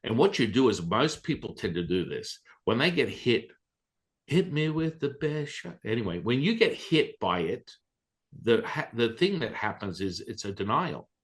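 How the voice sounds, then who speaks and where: A man telling a personal story as a podcast guest, animated and excitable, with casual profanity. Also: on the low side, moderate pace.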